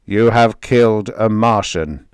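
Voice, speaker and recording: A man's voice: fairly low pitch, a little slow, clear, resonant tone, dry recording, lightly acted. A man voicing a cruel Martian judge who speaks coldly and formally through a mechanical speaker, in an audiobook. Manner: cold, formal pronouncements.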